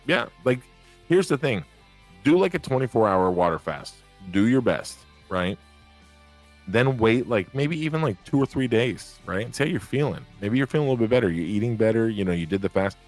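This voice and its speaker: A man hosting a casual live podcast, rambling candidly, reading viewer comments aloud and swearing freely. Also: deep voice. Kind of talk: casual live-stream chat.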